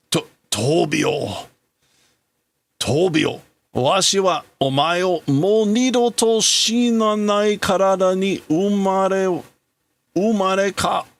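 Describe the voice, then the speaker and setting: A man's voice: sits high, no room sound, pitched above the performer's own voice. Man doing a grief-stricken scientist dad. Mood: grieving. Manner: anguished, exclaiming in bursts.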